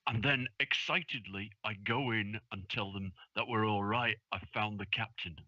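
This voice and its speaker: A man playing in a tabletop game, describing his character's actions in halting bursts. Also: fairly low pitch, fairly even intonation, bright, forceful tone, no echo. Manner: halting, hesitant. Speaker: player. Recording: dry dull lo-fi audio.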